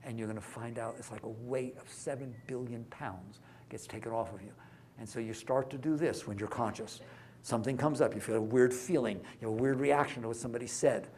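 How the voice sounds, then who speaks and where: This mindfulness talk is delivered live and briskly by a mid-range male voice that poses rhetorical question after rhetorical question. He alternates hushed remarks with loud, forceful outbursts, and there's slight background noise.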